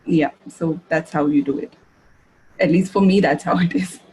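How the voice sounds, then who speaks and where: A woman giving a masterclass, answering audience questions in a halting way, with many fillers and restarts. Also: sits low, darkish tone, slight background noise, low-quality recording. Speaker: masterclass speaker. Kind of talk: live webinar Q&A answers.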